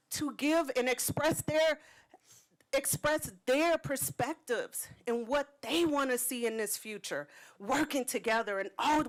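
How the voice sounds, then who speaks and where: On a rough recording, a woman with a high, slightly bright voice addresses a city council meeting during public comment. She organized a community event and thanks the council for supporting it, sounding earnest, heartfelt, and slightly tearful, close to tears.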